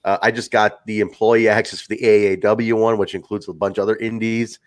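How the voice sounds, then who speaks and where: A man co-hosting a casual wrestling review podcast, excitable and swearing freely, acting out quotes as he talks. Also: on the low side, a little fast. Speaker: podcast co-host.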